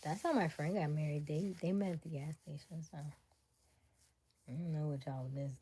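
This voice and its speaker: A woman hosting a livestream, chatting casually to her viewers and retelling a story in an animated, incredulous way. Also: sits low, normal speed, slightly rough. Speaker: livestream host.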